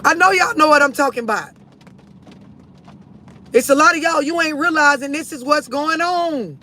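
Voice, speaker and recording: A man with a very high, bright, ringing voice lectures his viewers in a blunt, profane, preachy rant. He talks into a phone from inside a vehicle, with a faint hum behind him. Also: moderate pace. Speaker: livestream host. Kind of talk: ranting livestream monologue.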